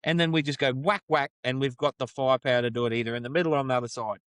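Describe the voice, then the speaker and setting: An Australian man co-hosts a casual sports podcast, working himself up into sweary rants about his team's mistakes. His voice is of ordinary pitch and sounds close and dry, with no room around it. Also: very fast, no room sound. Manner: sweary, ranting, animated. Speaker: podcast co-host. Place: studio.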